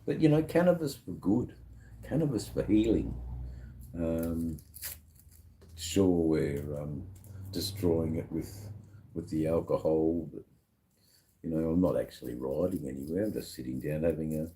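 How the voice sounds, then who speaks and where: Very deep, dark-voiced drunk man rambling. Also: a little slow, long pauses, slight background noise. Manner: rambling, slurred, with lots of fillers. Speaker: live-stream host. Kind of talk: casual live-stream chat. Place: sitting at a bar.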